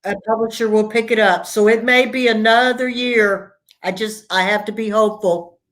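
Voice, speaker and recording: A woman author as a guest on a live video chat, telling family stories in a warm, storytelling way, heard over a video call. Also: fairly high pitch, steady tone, moderate pace. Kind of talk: casual interview conversation.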